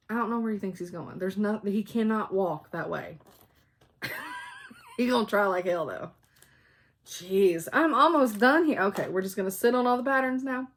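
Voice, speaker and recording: A woman's voice: medium pitch, measured pace, a little hiss or hum. Host: chatty woman, casual show-and-tell, laughs a lot. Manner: chatty, laughs often, talks to her dogs. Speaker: flosstube host.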